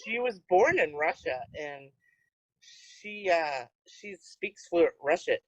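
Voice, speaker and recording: A woman co-hosting a podcast remotely, telling stories in an unhurried casual way. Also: on the low side, lively intonation, lo-fi sound. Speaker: podcast co-host. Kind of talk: casual chat.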